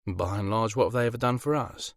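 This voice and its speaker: A man's voice: lowish voice, fast talker, vocal fry, dry recording, clean studio sound. A man voicing a smug, charming incubus demon who teases his grown daughter. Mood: teasing. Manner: teasing, indulgent, sly.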